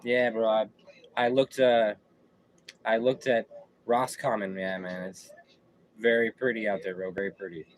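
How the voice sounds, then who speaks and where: A man's voice: on the low side, flat delivery, measured pace, pauses often, a little hiss or hum, rough recording. A man hosting a casual live stream, chatting in a slangy, laid-back way and often repeating himself. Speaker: livestream host.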